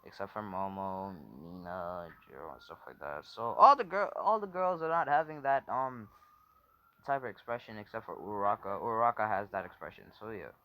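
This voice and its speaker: A man's voice: fairly low pitch, brisk, pushed and bright. A man casually telling a made-up story off the cuff, rambling, correcting himself often and swearing. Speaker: fan fiction storyteller.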